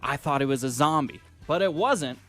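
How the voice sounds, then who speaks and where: A man's voice: a little high, moderate pace, a bit bright, soft background music. A man co-hosting a morning radio show, chatting casually and telling jokey stories. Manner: jokey, playful storyteller. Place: radio studio.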